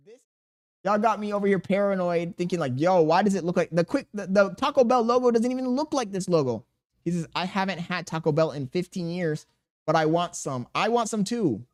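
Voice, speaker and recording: Guy in his 30s streaming, slightly high voice, laughs a lot while roasting chat back. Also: a little fast. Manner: joking, laughing, reads chat aloud, crude banter. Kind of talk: casual live-stream chat reading.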